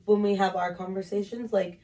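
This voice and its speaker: A young woman co-hosts a podcast from her bedroom, recorded on a camera on a tripod and sitting far from the mic. Her medium-pitched, warm voice moves little in pitch and runs brisk. She talks frankly in casual chat, with lots of filler words and some swearing.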